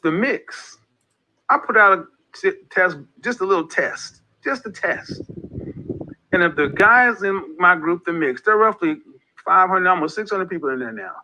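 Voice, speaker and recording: A man with a high, bright voice and a forceful tone delivers an impassioned, preachy monologue as the leader of an online group, hammering his points through repetition. The audio is dull and lo-fi.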